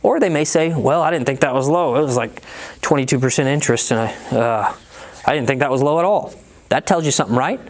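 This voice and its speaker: A man's voice: medium pitch, a little fast. A man coaching car salespeople in a blunt, profane, casual way, acting out both sides of sales talk.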